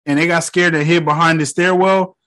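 A young man casually recapping a movie, swearing freely and retelling the scenes with excitement. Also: fairly high pitch, measured pace, creaky. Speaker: movie reviewer.

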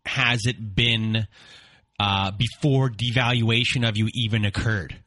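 Man, podcast host, eager interjections, restarts, bright voice. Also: fairly low pitch, steady tone, measured pace, no room sound. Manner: eager, stumbling restarts when cutting in. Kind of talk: interview questions.

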